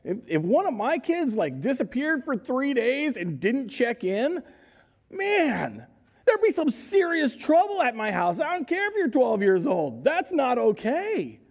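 A middle-aged man preaching a sermon in a church, telling the story with animated voices and questions to the congregation. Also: very high voice, unhurried. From United States. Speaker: pastor. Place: church sanctuary.

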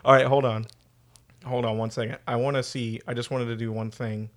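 A man's voice: mid-range voice, level tone, brisk. A man hosting a casual podcast chat, joking around and laughing often. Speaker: podcast host.

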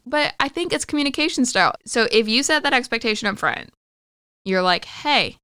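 A woman co-hosting a podcast in casual chat, quick to laugh and to give relationship advice. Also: on the high side, lively intonation, sharp tone, clean tone, no echo, studio quality. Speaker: podcast co-host.

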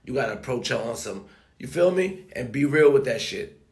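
Gravelly-voiced man, emphatic and foul-mouthed preacher of self-worth, roomy echo. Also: mid-range voice, lively intonation, brisk. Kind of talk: motivational rant. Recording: echoey room.

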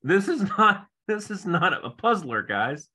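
A man's voice: high voice, big pitch swings, unhurried, pushed and bright, slightly rough. A man co-hosting a casual podcast, cracking sarcastic jokes and mocking the plot. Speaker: podcast co-host. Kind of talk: casual episode recap chat.

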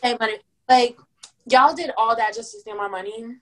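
A woman's voice: a little high, fairly even intonation, normal speed, fairly bright tone. Teasing, ranting young woman. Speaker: podcast co-host. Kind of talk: casual chat.

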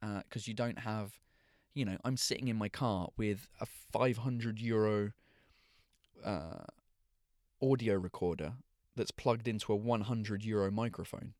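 A man's voice: lowish voice, a little slow, darkish tone. A man hosting his own podcast and live show in casual chat. He rambles, swears freely and mocks himself.

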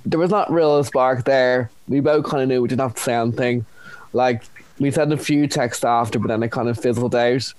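A man's voice: mid-range voice, normal speed, dry recording. A young man with an Irish accent chatting as a guest, telling stories animatedly. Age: young adult. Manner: animated storyteller, acts out voices. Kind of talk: casual chat.

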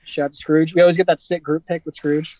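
A young man co-hosting a podcast in a casual chat, excitable and slangy. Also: on the high side, fast talker, highs cut off. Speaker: podcast co-host.

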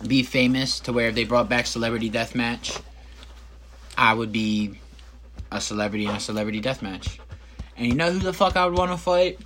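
A man's voice: medium pitch, a little fast, fairly bright tone, slight background noise. A man hosting a casual solo podcast from his bedroom, rambling and joking with plenty of swearing. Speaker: podcast host.

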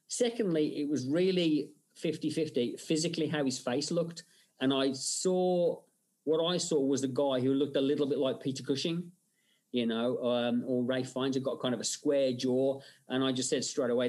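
Man, interview guest, mid-pitched voice, rambling storyteller, chatty podcast talk. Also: normal speed, a little mellow. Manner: rambling storyteller, frequent fillers and restarts. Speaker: guest, film director and effects artist. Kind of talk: conversational interview.

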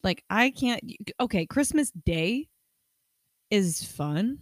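A woman co-hosting a podcast, chatting casually and swearing freely. She talks bluntly and laughs a lot, and her voice sits at an ordinary middle pitch. The sound is dry and close, with no room ring. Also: animated, slow pace, no echo. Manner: profane, blunt, laughs often. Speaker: podcast co-host. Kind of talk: casual chat.

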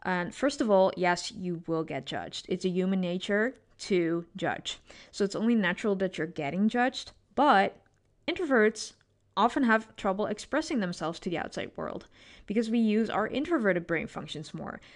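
A woman hosts her own podcast as a psychologist and speaks in an expressive, coaching way. Her pitch sits in a typical middle range. She keeps tagging her points with a questioning "right?" as she talks straight into the microphone. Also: normal speed. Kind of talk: solo podcast monologue.

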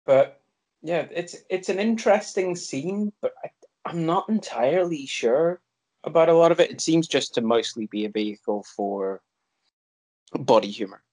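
A man's voice: on the high side, lively intonation, moderate pace, a little mellow. A man co-hosting a podcast in casual chat, making wry, dry quips. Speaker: podcast co-host.

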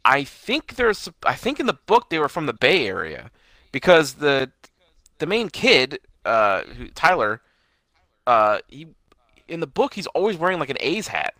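Male co-host, bright and animated, joking casual talk, dry close sound. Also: a little high, measured pace, dry recording. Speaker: podcast co-host. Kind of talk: casual chat about a TV show.

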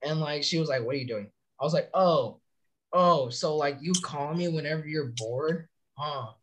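Over some background noise, this young Californian soldier rambles through long, foul-mouthed stories while chatting as a podcast guest. He speaks at a moderate pace in a slightly high voice.

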